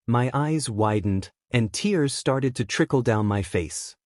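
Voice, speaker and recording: A man narrates a fan story in first person, in a subdued, even way. His voice sits at a medium pitch. The recording is dry and close. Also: a little slow, hardly any pauses, dry recording. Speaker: fanfiction reader.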